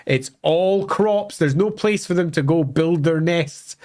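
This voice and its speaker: A man's voice: on the high side, measured pace, a little mellow. A man co-hosting a live lore stream, explaining at length with fillers and restarts. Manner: explanatory, thinks aloud with fillers. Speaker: co-host.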